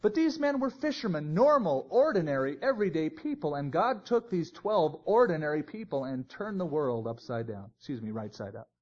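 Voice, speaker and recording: A man's voice: on the high side, big pitch swings, normal speed, few pauses, darkish tone, husky. A man teaching a Bible sermon in a conversational way, with joking asides. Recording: dull lo-fi recording.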